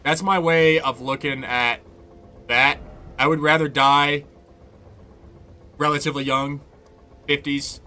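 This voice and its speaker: A man's voice: fairly high pitch, steady tone, slow pace, long pauses, bright, forceful tone. A young man streaming a game, chatting casually in a loose, profane, rambling way and laughing often. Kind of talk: casual chat while gaming.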